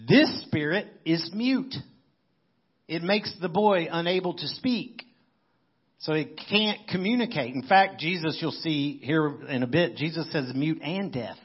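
A man's voice: fairly high pitch, slightly rough, dull audio. A man preaching a sermon in a conversational way, as if thinking aloud. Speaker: pastor.

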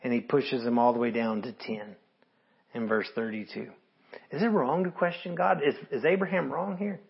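Husky-voiced man preaching earnestly. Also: medium pitch, steady tone, normal speed, highs cut off. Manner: earnest, conversational preaching with scripture read aloud. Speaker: pastor. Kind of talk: sermon.

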